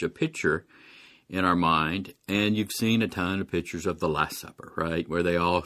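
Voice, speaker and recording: A man with a very low voice delivers a sermon. He talks it through conversationally and reflectively, dropping in small chuckles as he goes. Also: a bit bright. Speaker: pastor.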